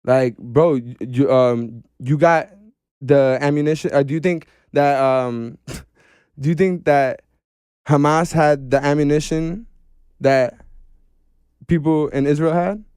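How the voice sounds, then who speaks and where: A man talking casually as a podcast guest, animated and slangy, saying "bro" often. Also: on the high side, takes it slowly, pauses often, clean tone, no echo, studio quality.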